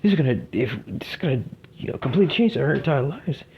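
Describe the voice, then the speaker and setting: A man's voice: mid-range voice, big pitch swings, quick pace, gravelly, slight background noise, voice pushed up. A man voicing a nervous teenage girl hero student who stammers and sounds unsure, in a dull lo-fi recording.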